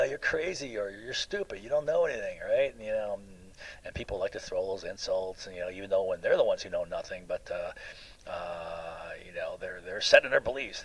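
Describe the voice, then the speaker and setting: Middle-aged male lecturer, lowish husky voice, rambling anecdotal classroom delivery. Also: poor audio. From United States. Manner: rambling, anecdotal, lots of fillers and "right?". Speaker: college lecturer.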